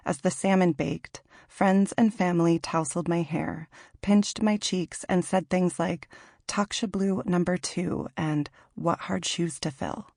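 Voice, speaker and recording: A woman in her late thirties from Washington in the Pacific Northwest, reading her own memoir aloud in a measured, reflective way. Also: fairly low pitch, gravelly, darkish tone, no room sound, clean studio sound. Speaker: author narrating her memoir. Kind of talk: audiobook memoir narration.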